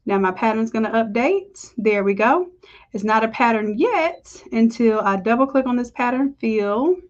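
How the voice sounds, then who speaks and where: A woman with a fairly high voice leads a live design tutorial, chatting upbeat with her viewers as she works. The stream audio sounds a little dull and lo-fi. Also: expressive, moderate pace. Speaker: design instructor. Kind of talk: live screen-share tutorial.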